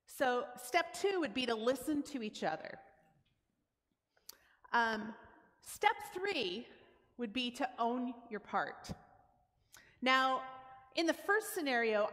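Bright and fairly high-pitched, a female guest speaker gives a conversational talk at church, laying out steps in plain terms and playing out everyday exchanges. The sanctuary adds a long reverb.

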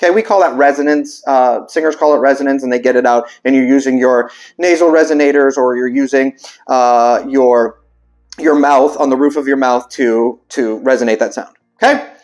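Vocal coach puzzling over terms aloud. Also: male voice, medium pitch, moderate pace, darkish tone, soft background music. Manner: reads text aloud then reacts with puzzled asides; breaks into sung vowel demonstrations. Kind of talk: casual explainer video.

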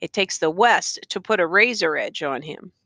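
A woman's voice: fairly low pitch, lively intonation, normal speed, vocal fry, sharp tone, dry recording, exaggerated voice. Woman reading as a boastful Western man. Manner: bragging, hearty. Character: boastful man from the West, old friend waiting.

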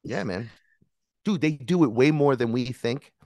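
A man guesting on a podcast, telling animated stories in casual chat, swearing freely and acting out the voices of people in his tales. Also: mid-range voice, unhurried, no room sound, clean studio sound.

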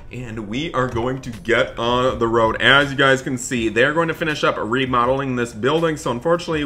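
A man's voice: mid-range voice, bright, forceful tone. A man hosting a gaming video, narrating a police role-play in an upbeat, repetitive way and barking orders as an officer.

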